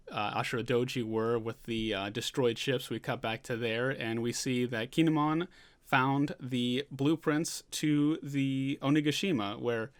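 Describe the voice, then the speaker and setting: A man's voice: mid-range voice, clean tone. Man rambling through a casual manga recap. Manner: rambling, loosely paraphrases scenes. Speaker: manga reviewer.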